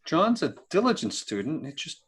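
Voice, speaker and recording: A man's voice: a little high, big pitch swings, normal speed, fairly bright tone, breathy edge. A man on a video call as a guest artist, teasing in a wry way. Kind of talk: casual group chat on a video call.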